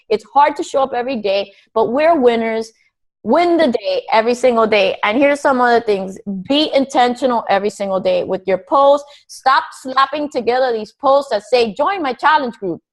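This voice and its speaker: A woman coaches her team in a blunt, profane pep talk on a group call. Her voice sits a little high. She talks plainly and pushes her listeners hard. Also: low-quality recording.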